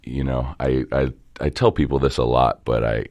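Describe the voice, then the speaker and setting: Very deep-voiced rambling man. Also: normal speed, highs cut off. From Baltimore area, Maryland. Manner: rambling, animated, swears casually. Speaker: interview guest, entrepreneur. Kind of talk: casual conversational interview.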